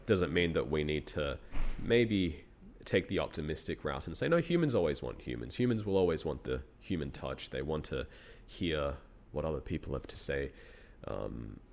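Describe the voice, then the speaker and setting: A creaky bass voice belongs to this man in his thirties, an Australian-accented university researcher. He's the guest in a casual interview, musing aloud and often breaking into laughter.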